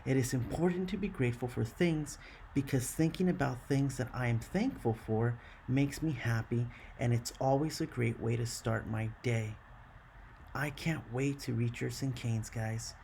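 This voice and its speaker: A man teaching a classroom lesson, slow and encouraging, counting syllables aloud. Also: mid-range voice, vocal fry, darkish tone, a little hiss or hum.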